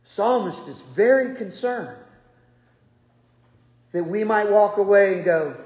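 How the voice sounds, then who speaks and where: A man's voice: sits high, lively intonation, slow, long pauses, a little mellow. A man preaching a sermon as pastor in a church, with folksy joking asides to the congregation. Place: church sanctuary. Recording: echoey hall.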